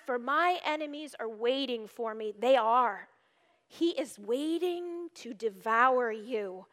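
A woman giving an earnest devotional teaching, reading scripture aloud and explaining it, shifting between urgent emphasis and hushed tones. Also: fairly high pitch, expressive, takes it slowly. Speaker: speaker at a church gathering. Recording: reverberant hall.

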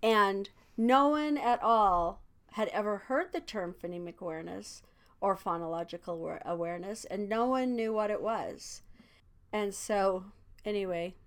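A woman's voice: medium pitch, moderate pace, clear, resonant tone. Chatty laughing older woman teacher. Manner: chatty, laughs often between thoughts. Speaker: kindergarten teacher. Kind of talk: casual conversation.

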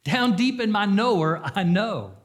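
Male pastor, sermon delivery, slightly high voice, earnest, shifts from forceful peaks to near-whispered moments. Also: lively intonation, unhurried. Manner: earnest, swings between loud emphasis and hushed confession.

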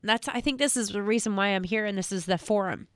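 A woman in public safety speaking straight to viewers, emotional and near tears, earnest and halting, repeating words as she talks. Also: mid-range voice, dry recording, clean studio sound. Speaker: state trooper spokesperson. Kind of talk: emotional direct-to-camera talk.

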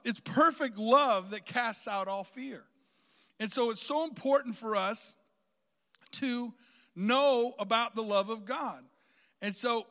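A man's voice: high voice, pushed and bright, long reverb tail. A man preaching a sermon, outgoing and talkative, calling on the congregation to repeat phrases after him.

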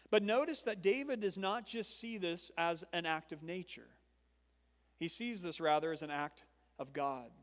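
A pastor preaching an expository sermon, teaching earnestly and swelling and dropping his volume for emphasis. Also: high-pitched. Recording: long reverb of a large hall.

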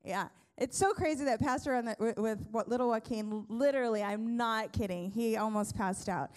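Speaking at normal speed, a young female pastor with a high, bright voice delivers a humorous, conversational sermon. She often breaks off to restart sentences and moves between forceful declarations and soft asides.

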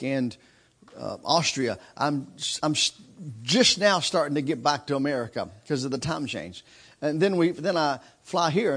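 A man preaching a sermon in a church, telling stories with animated delivery. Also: on the high side. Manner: animated, acts out shouting in stories. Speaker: guest preacher. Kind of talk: sermon with storytelling. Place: church sanctuary.

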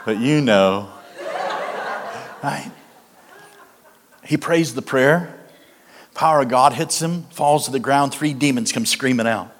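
Preacher guy doing funny storytelling, mid pitch, echoey church hall, faint hiss. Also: slow, long pauses. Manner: animated storyteller, punchlines, acts out quotes. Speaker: preacher, guest speaker. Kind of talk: comedic sermon storytelling. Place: church hall, live audience.

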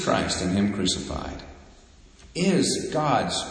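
A man preaching a sermon, slow and deliberate, building to fervent emphasis. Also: low-pitched, big pitch swings. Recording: echoey hall with long reverb.

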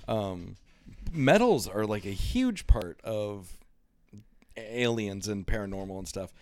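A man's voice: lowish voice, animated, slow, darkish tone. A man who is a guest on a podcast, talking in casual chat and arguing his opinions with some swearing.

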